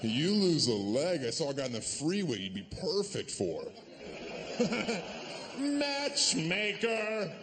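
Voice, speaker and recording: A man performing stand-up comedy on a club stage, with sardonic, deadpan delivery broken by sudden yelled punchlines. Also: medium pitch, unhurried, big-room sound, background noise.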